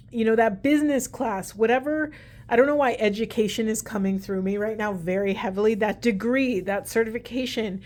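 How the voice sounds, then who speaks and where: A woman's voice: on the high side, darkish tone. Chatty woman doing a spiritual card reading. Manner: chatty, meandering, talks to spirit aloud. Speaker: tarot reader. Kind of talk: casual spoken card reading.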